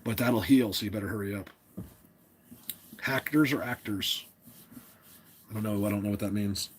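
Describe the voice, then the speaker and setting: A man's voice: fairly low pitch, moderate pace, a little hiss or hum. A man hosting a casual livestream, talking to his chat in an opinionated, rambling way with many restarts. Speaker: livestream host.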